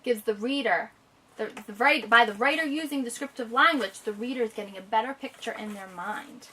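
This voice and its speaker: A woman teacher reading a picture book aloud to a child and stopping to explain it, slowing down to savor the descriptive lines. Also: on the high side, sharp tone, distant mic, a little hiss or hum.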